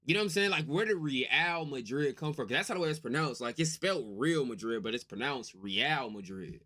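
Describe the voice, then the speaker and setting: A young man from the United States hosting a casual reaction video, excitable and slangy, often cutting in with loud outbursts. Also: a little high, fast talker, slight background noise. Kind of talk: casual live reaction chat.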